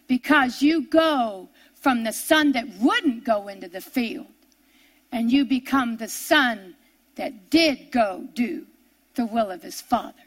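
A woman preacher with a high voice tells a story in her sermon. She often slows to long, drawn-out words for emphasis. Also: animated. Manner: storytelling with pleading, slowing to drawn-out prayerful emphasis.

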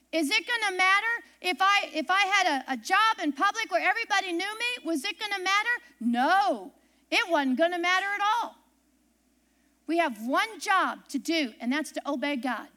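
A woman's voice: very high voice, bright, forceful tone. A woman preaching a sermon, emphatic and repeating her key phrases for weight.

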